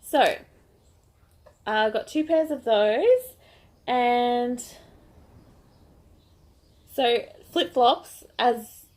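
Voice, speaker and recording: A woman's voice: a little high, very slow, long pauses, a little mellow. An Australian woman, a bit sick with a voice that is not projecting, chatting casually and gushing in a crochet vlog. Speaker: crochet vlogger.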